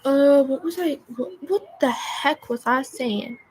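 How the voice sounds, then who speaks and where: A young woman rambles through a livestream chat, losing her train of thought and leaning on constant filler words. Her voice sits high and moves slowly, with slight background noise.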